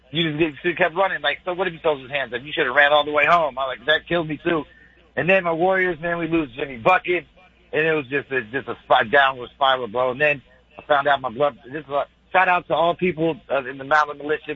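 An excitable male caller who rambles in slang, talking fast in a slightly husky voice. His call comes through dry and dull, as over a radio line. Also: mid-range voice, no room sound. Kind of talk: casual call-in chat.

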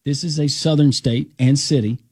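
A man's voice: a little high, fairly even intonation, normal speed, a little mellow, breathy edge, no room sound, studio quality. A man hosting a radio talk show, trading easygoing, wry banter with his co-host and callers.

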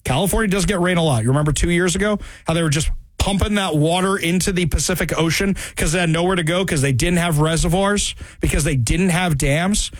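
A man hosting political talk radio, sarcastic and animated, repeating phrases for emphasis. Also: a little high, fairly quick, few pauses, dry recording.

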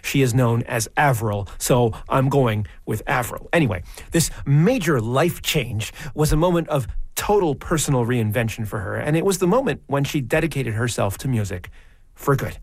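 Measured male radio music host. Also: medium pitch, expressive, no room sound, studio quality. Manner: measured, conversational storytelling. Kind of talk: scripted radio presenting. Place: radio studio. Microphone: studio microphone.

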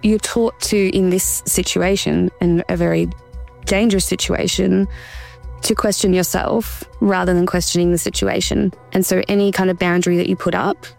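Earnest woman with a gravelly voice. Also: fairly low pitch, level tone, darkish tone, faint music behind. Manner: earnest, measured, acts out quoted voices. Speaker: interview guest, survivor telling her story. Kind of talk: candid interview answers.

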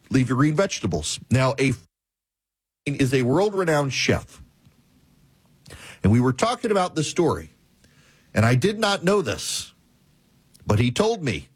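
A male talk show host telling a story and giving commentary in a measured, repetitive cadence. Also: medium pitch, a little mellow, breathy edge, no echo.

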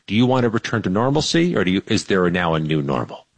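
Deep-voiced man with measured commentary. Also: big pitch swings, husky, no room sound, low-quality recording. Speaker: regular weekly guest commentator. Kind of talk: political commentary on radio.

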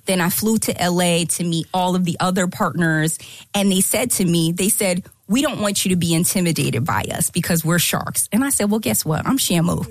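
A woman guest on a podcast telling a story, animated and emphatic, acting out the lines she quotes. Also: fairly low pitch, no echo. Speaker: guest entrepreneur.

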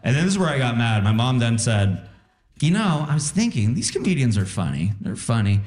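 A man's voice: medium pitch, a little fast. A man doing a stand-up comedy set on a live stage, telling personal stories. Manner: storytelling with animated voices for quotes.

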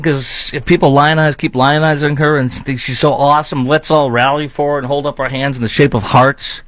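A man's voice: mid-range voice, dry recording, low-quality recording. Brief: Chicago-accented man, host, scornful rant, dry close sound. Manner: blunt, scornful, rambling with fillers. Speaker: commentary host. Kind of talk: ranting opinion commentary.

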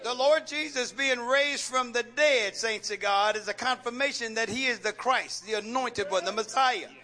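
High bright-voiced preacher man. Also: moderate pace, some chatter behind. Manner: preacher's rhetorical questions, coaxing and joking. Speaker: pastor. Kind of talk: call-and-response sermon. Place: church sanctuary with congregation.

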